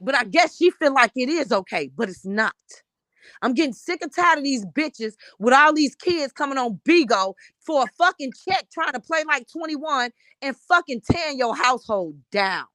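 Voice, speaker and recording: A woman's voice: sits high, lively intonation, moderate pace, fairly bright tone, no room sound. Fiery, profane woman ranting. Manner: blunt, profane, fired-up ranting. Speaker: panelist. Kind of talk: heated live-stream commentary.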